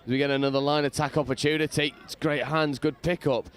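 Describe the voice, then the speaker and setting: A man giving lively play-by-play commentary from a balcony at an outdoor sports ground, with casual slang. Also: a little high, fast, background noise. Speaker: match commentator.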